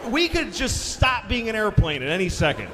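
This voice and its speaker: Middle-aged male stand-up, sardonic and profane; live hall recording with clear ambient noise. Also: high-pitched, big pitch swings, moderate pace, a crowd in the background. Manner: profane, exasperated, sardonic storytelling. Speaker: stand-up comedian. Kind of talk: stand-up comedy storytelling. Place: live comedy venue.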